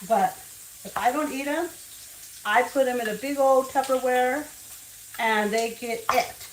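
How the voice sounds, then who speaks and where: An older woman with a high voice hosts a casual home cooking show in her kitchen, chatting at a measured pace and drifting into family stories as she works. The distant mic picks up an echoey room and the sizzle of frying food.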